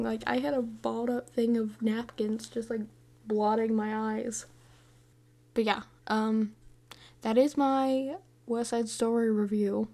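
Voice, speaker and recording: Young woman, podcast host, casual rambling review, lots of fillers, slightly high, vocal fry. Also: darkish tone. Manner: rambling, filler-heavy, restarts often.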